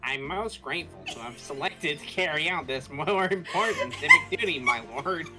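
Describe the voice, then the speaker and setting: A woman's voice: sits low, huge pitch swings, moderate pace, loud music behind the voice. A woman voicing a stiff square-jawed male juror while laughing through the lines.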